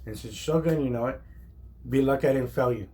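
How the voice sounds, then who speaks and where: A man retelling the words of a calm, blunt male chef instructor in a level, lecturing way that repeats its point. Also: medium pitch, fast talker, close to an everyday voice. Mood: stern lecture.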